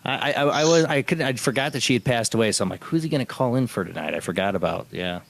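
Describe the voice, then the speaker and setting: An American man hosts a call-in spirit-box show in a casual live-stream chat, talking fast in an expressive mid-range voice with vocal fry. He's friendly, laughs often and stammers as he starts sentences.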